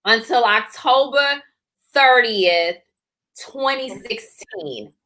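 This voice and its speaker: A woman co-hosting a casual chat, telling a personal story in a lively way, full of fillers and acted-out voices. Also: on the high side, slow pace, rough recording. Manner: animated, acts out voices, many fillers. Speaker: co-author and co-host.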